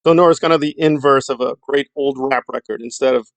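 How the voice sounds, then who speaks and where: Gravelly, sarcastic middle-aged man. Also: medium pitch, fairly even intonation, a little fast, no room sound. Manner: sarcastic, blunt, rambling. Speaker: YouTube commentator. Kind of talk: critical commentary vlog.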